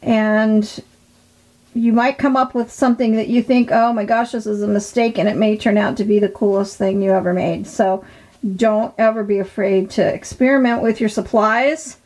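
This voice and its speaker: A woman's voice: medium pitch, fairly even intonation, normal speed, darkish tone. A woman hosting an art tutorial, chatting casually and encouragingly as she demonstrates her work. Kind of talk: casual craft demonstration narration.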